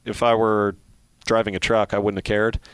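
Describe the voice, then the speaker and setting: A middle-aged man from Philadelphia speaks in a low voice with a faint Philly accent. He is a play-by-play broadcaster, thinking aloud in a relaxed interview, full of restarts and fillers. The sound is dry and close. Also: moderate pace, clear, resonant tone, no echo. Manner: reflective, many restarts and fillers. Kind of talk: casual interview talk.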